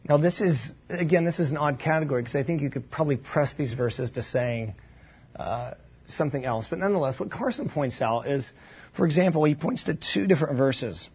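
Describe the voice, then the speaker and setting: Husky-voiced man teaching the Bible. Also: a little high, expressive, brisk, dull audio. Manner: thoughtful, informal, with asides and restarts.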